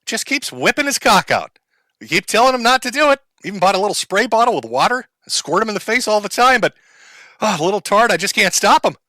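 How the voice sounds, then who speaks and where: A loud, bright-voiced man riffing in crude comedic commentary, mocking and profane. His pitch jumps around a lot, and the sound is close and dry with no room echo. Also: big pitch swings, brisk. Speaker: streamer reacting to a clip.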